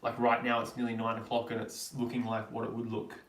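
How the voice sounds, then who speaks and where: A man's voice: mid-range voice, completely flat delivery, fast talker, a bit bright, distant mic. A young Australian man hosting a live Q&A stream, chatting casually as he answers viewer questions. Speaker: livestream host. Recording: roomy, from off the mic.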